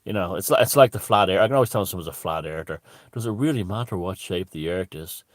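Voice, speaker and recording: A middle-aged Irish satirist with a deep, expressive voice talks fast through a profane, sarcastic rant, peppering it with "you know." The recording is clean studio sound with no room echo.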